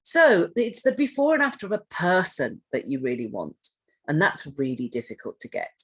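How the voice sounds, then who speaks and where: Husky low-voiced woman presenting. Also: huge pitch swings, moderate pace. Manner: conversational, asks the audience questions, restarts phrases. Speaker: trainer on hoarding and self-neglect. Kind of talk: training presentation.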